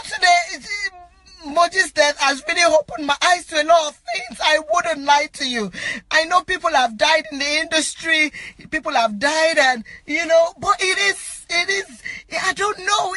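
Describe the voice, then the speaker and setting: A distraught woman, an actress, crying and pleading from inside a car, her voice breaking into shouts as she repeats herself. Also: extremely high pitch, moderate pace, dry recording, rough recording. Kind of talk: emotional self-recorded appeal.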